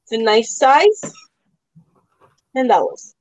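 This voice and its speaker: A woman's voice: on the high side, big pitch swings, slow pace, a little mellow, poor audio. A woman hosting a live online sale in casual chat, laughing often as she talks. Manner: giggly, laughs often while talking.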